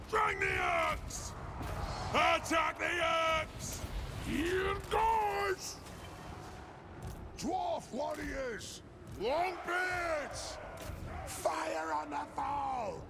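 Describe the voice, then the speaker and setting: A man voicing gruff male dwarf soldiers who bark short battle cries, as video game unit voice lines. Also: very high voice, heavily acted. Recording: loud battle noise behind.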